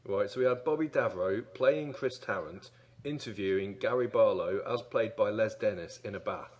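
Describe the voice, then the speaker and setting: A man's voice: fairly low pitch, normal speed, a little mellow. A man co-hosting a comic casual chat, telling stories in a wry, dry way with hesitations.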